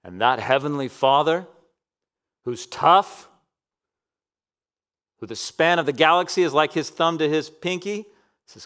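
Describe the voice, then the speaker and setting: A man in his thirties preaching a sermon as pastor, impassioned, swinging between loud emphatic lines and soft, hushed asides. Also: a little high, unhurried, long pauses.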